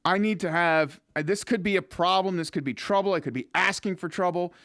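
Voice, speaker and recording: A man's voice: high voice, fairly quick, a bit bright, no room sound, clean studio sound. A man hosting a podcast, chatting casually and joking with a guest. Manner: joking, laughs often. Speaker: podcast host. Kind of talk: casual chat.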